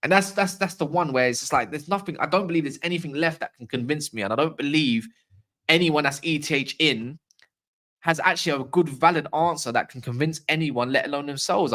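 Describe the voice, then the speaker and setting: A man hosting a casual football livestream, ranting with strong opinions and slangy asides while answering chat comments. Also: medium pitch. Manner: opinionated, animated, slangy football-fan rant. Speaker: fan channel livestream host.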